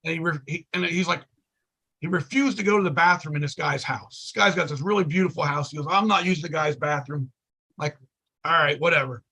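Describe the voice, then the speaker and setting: A man with a high, bright, gravelly voice and a slightly husky edge. He tells a rambling, profane story in casual chat and acts out each quoted line with gusto. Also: fairly quick. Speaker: podcast guest.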